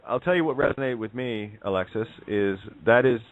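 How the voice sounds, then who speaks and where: A man hosting an online group call, talking casually and haltingly with many fillers and restarts. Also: medium pitch, lively intonation. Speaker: host of an online call-in forum. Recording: tinny phone-like call audio.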